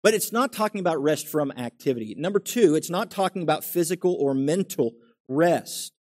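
A man's voice: a little high, animated, normal speed, darkish tone. A middle-aged male pastor preaching a conversational sermon, asking his congregation questions and acting out everyday quotes.

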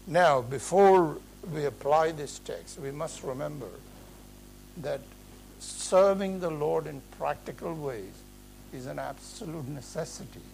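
Man, preacher, gravelly, slightly high voice, earnest, emphatic, faint hum. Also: a little slow, a little mellow, soft background music, low-quality recording. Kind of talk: expository sermon.

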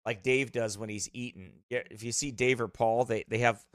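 A man's voice: medium pitch, steady tone, moderate pace, no room sound. A man who pastors, chatting casually with his streaming congregation in a rambling way, full of restarts, speaking close to a desk mic beside his streaming computer.

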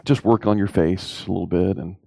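A man preaching a sermon emphatically, asking rhetorical questions and rising in pitch on key points. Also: fairly even intonation, brisk, creaky, dark tone, no room sound.

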